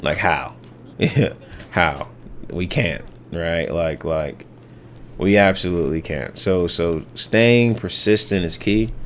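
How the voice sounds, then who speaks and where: A young man hosting a podcast, telling a story in a reflective, halting way with many restarts. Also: sits low, a little hiss or hum. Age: young adult. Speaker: podcast host. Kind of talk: casual storytelling monologue.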